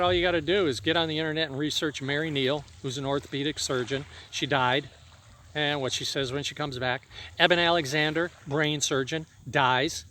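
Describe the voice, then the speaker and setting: A man's voice: fairly high pitch, sharp tone, a little hiss or hum. A middle-aged man in a rambling personal monologue, swearing freely as he talks to an absent friend about old times. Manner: profane, reminiscing, addresses an absent friend. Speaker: vlogger.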